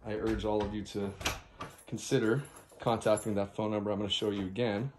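A man with a somewhat low voice leads viewers through a large rental house, chatty, excitable and a little out of breath. The recording carries a faint hiss of background noise. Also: fairly quick. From United States. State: breathing heavily. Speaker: vlogger giving a house tour. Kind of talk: casual walk-through vlog.

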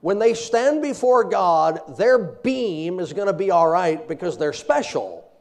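Speaking a little slowly in a high-pitched voice, a man delivers a funny sermon. He laughs a lot, animatedly recounts everyday stories, and quotes scripture in old-fashioned language.

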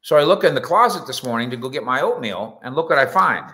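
A man hosting a casual sports talk show in a bright, forceful voice. His pitch swoops up and down a lot as he rambles through jokey stories. He keeps breaking off into playful asides. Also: expressive, fast talker. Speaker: sports radio and web show host. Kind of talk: casual comedic monologue. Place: indoors at home.

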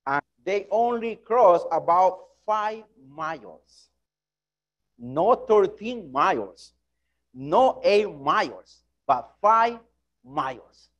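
Slow earnest preacher with high voice. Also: male voice, expressive, dull audio. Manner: earnest, self-correcting, non-native phrasing. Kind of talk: sermon.

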